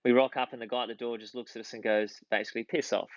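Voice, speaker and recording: An Australian man in his thirties tells long rambling stories in casual chat and often restarts his sentences. His voice is mid-pitched. The recording is dry and a little dull. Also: level tone, racing, dry recording. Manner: rambling anecdotes with many restarts. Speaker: podcast guest, former footballer.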